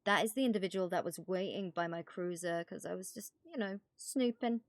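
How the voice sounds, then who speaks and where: A woman's voice: fairly low pitch, fairly quick, no echo, studio quality. A woman role-playing a police officer, chatting in character with frequent swearing and stammered restarts. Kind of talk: in-character role-play chat.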